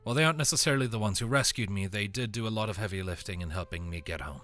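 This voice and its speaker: A man's voice: fairly low pitch, rapid-fire, fairly bright tone, lightly acted. A man voicing a tired young traveler who speaks in a subdued way. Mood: weary. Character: weary young male traveler returning home.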